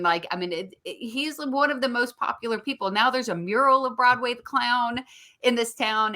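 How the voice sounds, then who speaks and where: A female podcast host with a bright, crisp tone and mid-range pitch. She chats casually and encourages her guest with quick affirmations. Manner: chatty, encouraging listener with frequent affirmations. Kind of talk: casual chat.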